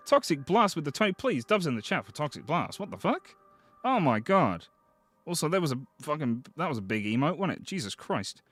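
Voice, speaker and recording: Excitable, swearing male streamer. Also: a little high, brisk, faint music behind. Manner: excitable, swears often, thanks viewers. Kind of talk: casual livestream chat.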